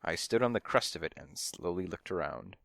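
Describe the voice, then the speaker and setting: Man, audiobook narrator, wry hard-boiled detective read, lowish pitch, very dry sound. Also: lively intonation, a little fast, creaky, fairly bright tone, no room sound. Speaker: audiobook reader. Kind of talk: first-person detective narration.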